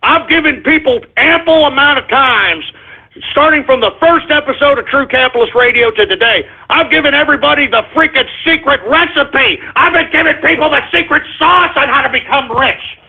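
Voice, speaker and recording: A male talk radio host delivering an excitable, flustered monologue, often stumbling and apologizing. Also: extremely high pitch, normal speed, creaky. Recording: phone-like lo-fi radio sound.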